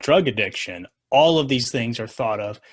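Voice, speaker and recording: A man hosting an interview, speaking earnestly in quick, explanatory runs. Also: medium pitch, expressive. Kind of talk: casual conversation.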